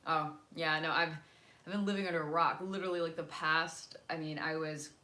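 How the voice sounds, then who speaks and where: A woman's voice: low voice, fairly even intonation, a little fast, bright, forceful tone. A young woman chatting casually on a home live stream, rambling while she eats and moves around the house. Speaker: vlogger. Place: home, indoors, moving around.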